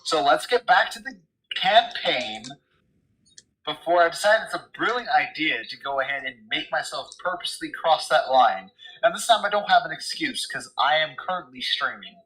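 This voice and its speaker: A man's voice: a little high, animated, moderate pace, sharp tone, poor audio. A man playing in a tabletop game, bantering in a dramatic, exasperated way with the group. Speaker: player. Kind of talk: casual tabletop game chat.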